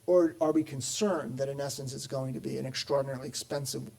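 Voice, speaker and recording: A middle-aged man giving an expository policy talk on debt, with frequent fillers and restarts and lively quoted voices. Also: mid-range voice, quick pace, gravelly. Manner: expository, many fillers and restarts, animated quoting. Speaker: panel speaker on sovereign debt.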